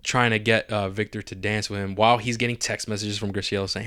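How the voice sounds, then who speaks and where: A man on a podcast excitedly recapping a TV episode, swearing a lot and acting out the characters' lines. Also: fairly low pitch, fast talker. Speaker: podcast co-host. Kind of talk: casual chat recapping a TV episode.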